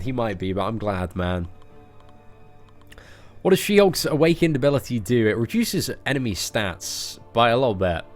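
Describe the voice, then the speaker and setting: English male streamer, joking casual chat, animated pitch, faint music behind. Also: moderate pace. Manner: chatty, joking, frequent restarts. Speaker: game streamer.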